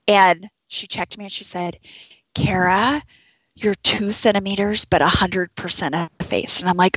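Animated woman telling a story. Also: medium pitch, normal speed, husky, dry recording, rough recording. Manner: animated, acts out quoted voices. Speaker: labor and delivery nurse. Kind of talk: storytelling to an audience.

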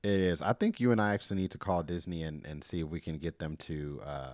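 A man's voice: sits low, steady tone, quick pace, darkish tone, dry recording. A man co-hosting a podcast in casual, chatty talk, laughing often. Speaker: podcast co-host. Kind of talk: casual chat.

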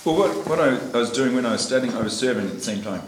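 A man's voice: mid-range voice, expressive, very fast, slight background noise. A middle-aged man tells his life story over a meal, rambling and laughing often. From New Zealand. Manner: rambling, laughs often, many fillers and restarts. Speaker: interviewee giving a personal testimony. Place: echoey dining room with dishes clinking. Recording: echoey room with loud background clatter.

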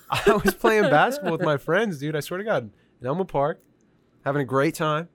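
A man's voice: on the high side, expressive, normal speed, a bit bright, no room sound. A young man hosting a casual podcast, laid-back and agreeable, laughing as he tells his own stories. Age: young adult. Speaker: podcast host. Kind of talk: casual chat.

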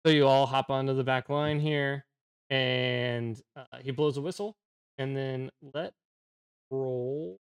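A man's voice: mid-range voice, fairly even intonation, clear, resonant tone, dry recording. A man narrating a tabletop game as game master, casual and full of fillers and restarts. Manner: casual, filler-heavy, halting.

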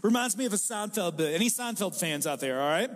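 High-voiced joking pastor in a reverberant hall. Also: male voice, quick pace, soft background music. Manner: conversational and joking, with animated impressions. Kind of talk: sermon. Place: church hall with a live congregation.

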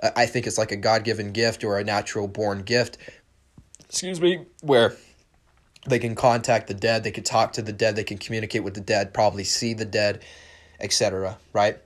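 A man's voice: on the low side, little pitch movement, brisk. A man hosting a solo podcast in a casual monologue. He talks bluntly and emphatically, swears casually and reads verses aloud. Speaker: podcast host.

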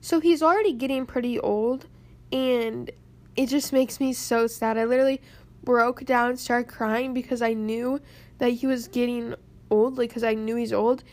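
A tearful young woman rambling through a personal story to camera, halting and close to crying. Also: fairly high pitch, steady tone, a little mellow. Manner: rambling, halting, many pauses. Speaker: vlogger.

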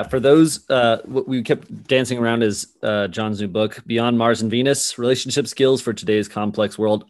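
A man hosts a conversational interview in a fairly low voice. He speaks in an easygoing, halting way as he wraps up the conversation. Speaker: podcast host.

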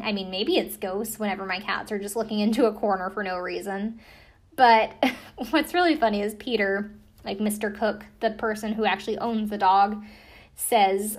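A woman's voice: medium pitch, normal speed. Young American woman, casual skeptical recap, dry sarcasm, chatty fillers. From United States. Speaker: commentator recapping a ghost-hunting show. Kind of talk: casual chat.

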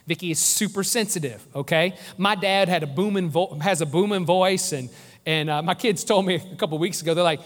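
A man's voice: a little high, fairly quick. Earnest male pastor in a reverberant hall. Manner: earnest, conversational preaching with repeated restarts. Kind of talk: sermon.

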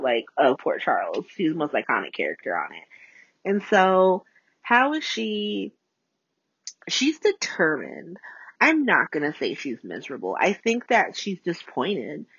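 A woman hosting a casual solo podcast, recapping with chatty, profane asides and big swings in pitch, recorded as phone voice notes. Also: big pitch swings, unhurried, husky, no echo. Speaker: podcast host. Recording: dull lo-fi voice note.

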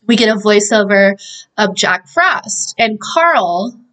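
A woman's voice: mid-range voice, expressive, takes it slowly, a bit bright, low-quality recording. A young woman hosting a podcast, casually recapping a movie in a chatty, profane way, with lots of "like". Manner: chatty, profane, heavy use of "like". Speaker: podcast host.

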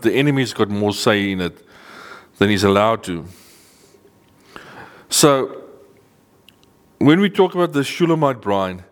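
Earnest man preaching a Bible teaching. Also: on the low side. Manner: earnest, emphatic, slows down to stress key words. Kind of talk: sermon teaching to a live group. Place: meeting room with a seated audience.

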